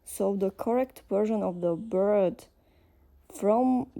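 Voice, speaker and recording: Slow, gravelly woman teacher. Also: mid-range voice, mellow. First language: Slovak. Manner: patient, explains step by step with many pauses. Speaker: language teacher. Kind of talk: explanatory language lesson.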